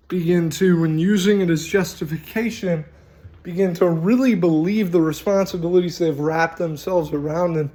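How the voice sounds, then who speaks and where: High-voiced man riffing on roleplaying games. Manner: animated, profane, rambling. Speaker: host. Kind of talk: casual talk about tabletop role-playing.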